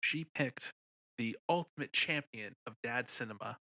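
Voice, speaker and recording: A man co-hosting a casual film podcast, excitable and profane, rambling through a plot with many restarts. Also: mid-range voice, normal speed. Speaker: podcast co-host. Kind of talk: casual film review chat.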